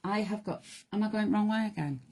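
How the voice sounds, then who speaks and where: A woman with a croaky voice hosting a live card-making demonstration, chatting in rambling asides to her viewers. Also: mid-range voice, a little fast, a little mellow. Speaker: crafting host.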